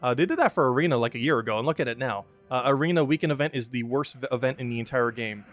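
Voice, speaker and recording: A man's voice: medium pitch, rapid-fire, a bit bright. A young man giving casual live-stream commentary on a game, chatty, with frequent laughs and many fillers.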